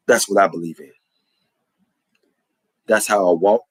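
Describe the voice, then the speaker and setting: A man's voice: low-pitched, fairly even intonation, measured pace, long pauses, no room sound. A man giving an impassioned spoken testimony, preaching in an earnest, repetitive, emphatic cadence.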